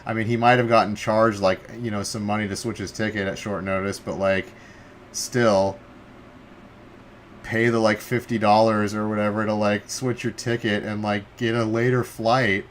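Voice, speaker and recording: A young man streaming casual game commentary from home, talking loosely with lots of fillers, easily excited and swearing. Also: on the low side, moderate pace, a little hiss or hum. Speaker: stream host.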